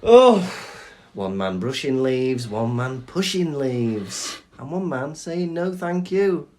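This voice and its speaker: A man's voice: mid-range voice, big pitch swings, takes it slowly, darkish tone, slight background noise. Wry young man bantering on a podcast. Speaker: podcast co-host. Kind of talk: casual chat and chapter recap.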